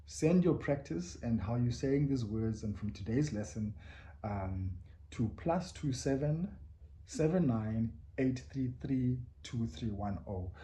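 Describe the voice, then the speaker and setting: Man, language teacher, patient, slow syllable drills, repeat-after-me style, mid pitch. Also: expressive, mellow. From South Africa. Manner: invites listeners to repeat along. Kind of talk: bilingual pronunciation lesson.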